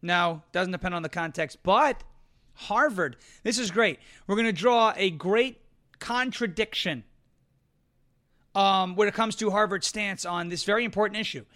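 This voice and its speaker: A man's voice: sits high, normal speed, pushed and bright. A man hosting a live political commentary stream, brash and mocking as he jumps from topic to topic. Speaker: show host.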